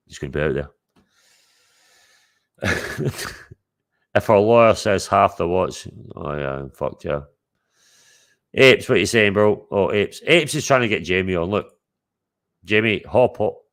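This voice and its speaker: A Scottish man hosting a livestream, boisterous and sweary, calling out to his viewers in casual chat. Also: deep voice. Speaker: livestream host.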